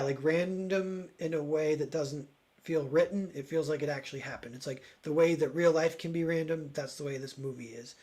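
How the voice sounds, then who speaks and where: A man streaming and chatting casually, rambling and searching for words with lots of fillers. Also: a little high. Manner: voices quoted characters loudly. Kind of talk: casual chat.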